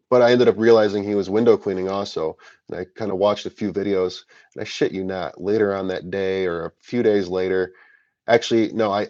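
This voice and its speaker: A man's voice: lowish voice, darkish tone, dry recording, muffled recording. A man casually telling a rambling personal story about starting his window cleaning business, correcting himself often and swearing now and then.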